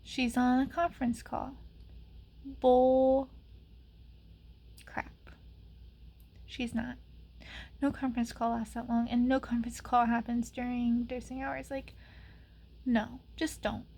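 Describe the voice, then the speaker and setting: A young adult woman vlogging, telling a frustrating story in a sarcastic, exasperated way with many "like" fillers and sometimes dropping to a soft whisper. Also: on the high side, little pitch movement, moderate pace, gravelly. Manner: drops to soft whispers at times. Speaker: ASMR channel vlogger. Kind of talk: casual storytelling rant.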